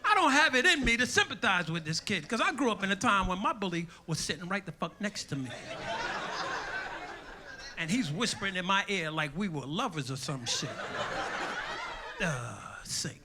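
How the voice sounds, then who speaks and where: A man doing a profane, brash stand-up routine, telling animated stories. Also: high voice, a little fast. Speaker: stand-up comedian. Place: comedy club stage. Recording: live club recording with audience noise.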